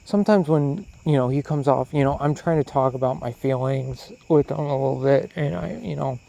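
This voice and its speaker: A man's voice: mid-range voice, moderate pace, creaky, rough recording. A man delivering a profane, rambling monologue outdoors at night, with crickets chirping behind him. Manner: profane, animated, questioning. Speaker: solo podcaster. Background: crickets and insects.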